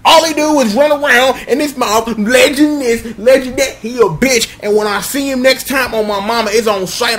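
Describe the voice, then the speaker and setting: Hot-headed young hero, as a man puts him on, ranting profanely in a fairly high voice. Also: slight background noise, close to an everyday voice. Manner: angry ranting in street slang, profane.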